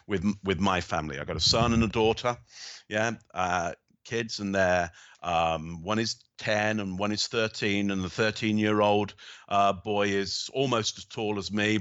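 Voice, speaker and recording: Man, low voice, dry dull sound, explanatory guest, frequent restarts, middle-aged. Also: a bit bright, no room sound. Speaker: body language expert guest. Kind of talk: podcast interview answer.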